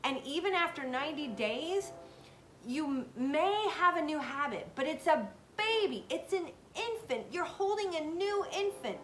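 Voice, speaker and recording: A woman's voice: high-pitched, animated, a little slow, a bit bright. A woman in her thirties giving a casual motivational talk to her viewers, earnest and emphatic, repeating phrases for stress. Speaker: self-help video host.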